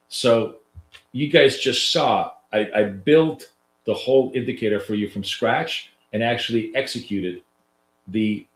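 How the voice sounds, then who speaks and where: A man with a nasal voice, giving loose, chatty live trading commentary to viewers as a coach, with lots of fillers and restarts. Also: lowish voice. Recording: roomy echo.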